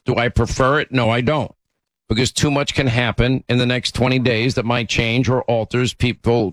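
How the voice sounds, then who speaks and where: A male talk radio host fielding callers in a studio, his voice close and dry with no room sound. He speaks at a middle pitch, pressing his points with emphasis and frequent restarts. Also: no echo. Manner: emphatic, restarts sentences often.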